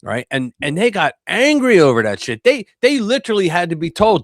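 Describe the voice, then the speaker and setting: A man from the United States talking in a casual political livestream chat, animated and emphatic with coarse language. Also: high voice, a little fast, hardly any pauses, dry recording, clean studio sound. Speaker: guest co-host.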